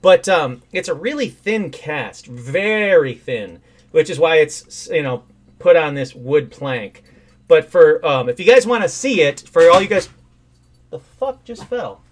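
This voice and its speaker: Excitable man hosting a livestream. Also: on the high side, measured pace. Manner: excitable and rambling, with sudden outbursts. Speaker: host of a call-in livestream show. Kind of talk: casual live-stream chat. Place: at home.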